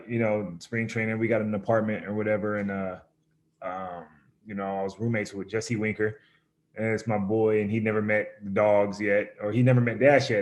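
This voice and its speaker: A young adult man, a pro baseball player, casually telling a long story, rambling with lots of fillers and acting out what people said. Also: fairly low pitch. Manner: relaxed, rambling, full of fillers, acts out quotes. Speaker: professional baseball pitcher, guest.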